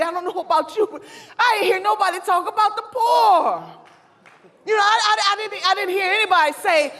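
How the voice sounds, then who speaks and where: A woman giving an impassioned political speech at a convention, with a fiery, preacher-like cadence and shouted repetitions. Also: very high-pitched. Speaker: convention speaker. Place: large convention hall. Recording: long hall reverb.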